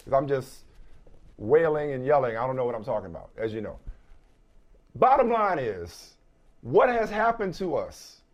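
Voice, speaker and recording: A man hosting a sports debate show, venting in exaggerated mock outrage and shouting at times. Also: medium pitch, big pitch swings, moderate pace, pauses often, lo-fi sound. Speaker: sports talk show host.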